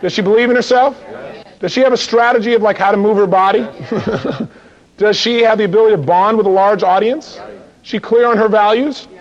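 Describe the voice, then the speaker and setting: A man's voice: sits high, steady tone, fairly quick. A man giving a live motivational seminar who acts out little dialogues and fires rhetorical questions at the audience. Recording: dull lo-fi recording.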